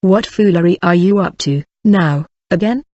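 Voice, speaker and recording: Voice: mid-range voice, normal speed, darkish tone, no echo, dull audio, lightly acted. A reader doing Sykes, a growling brute. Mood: gruff. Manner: growling, savage. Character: brutal, surly adult male housebreaker.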